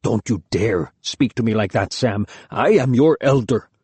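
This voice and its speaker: A man's voice: medium pitch, a little slow, dark tone, husky, no echo. A man reading an audiobook, voicing a proud, cornered father who speaks clipped through clenched teeth. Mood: tight angry. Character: proud, cornered father, angry then pleading.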